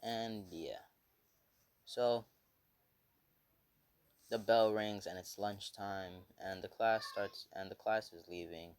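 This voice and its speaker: A man's voice: on the low side, steady tone, slow pace, long pauses, clean tone. A man casually retelling a fan story, rambling with many fillers and swearing.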